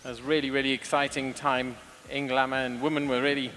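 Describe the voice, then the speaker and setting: A man's voice: medium pitch, little pitch movement, quick pace, a bit bright, slight background noise. Earnest man speaking in a reverberant hall. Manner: reflective, earnest, loose restarts. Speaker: lead hairstylist. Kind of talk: stage talk on a creative concept. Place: large event hall on stage. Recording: live hall with long reverb.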